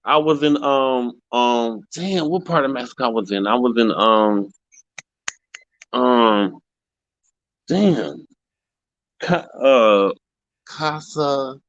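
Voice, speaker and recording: A man's voice: medium pitch, expressive, a bit bright, no echo. Man, casual chat, stammers and repeats, dry muffled sound. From United States. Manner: halting, repeats words, searches for words.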